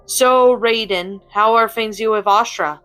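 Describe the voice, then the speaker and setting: A woman's voice: on the high side, a little slow, sharp tone, clean tone, soft background music, pitched above the performer's own voice. A woman voicing a nosy, skeptical young woman warrior. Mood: prying. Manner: prying and skeptical.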